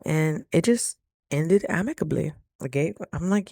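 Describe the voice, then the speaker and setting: A woman talks straight to her viewers in a casual storytime vlog. She is animated and chatty, and her voice sits a little low. The recording is close and dry, with no room sound. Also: measured pace, vocal fry, no room sound. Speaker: vlogger.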